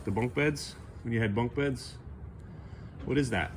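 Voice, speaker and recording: A man's voice: medium pitch, a little slow, slight background noise. A man talking casually to his young son as a father, playful and coaxing, teasing him now and then.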